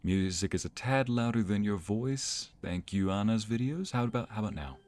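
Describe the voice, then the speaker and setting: A man's voice: fairly low pitch, lively intonation, moderate pace, darkish tone. A man streaming live, chatting casually, greeting viewers by name and laughing easily, speaking into a desk microphone at home. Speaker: streamer and narrator. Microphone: desk microphone at home streaming setup.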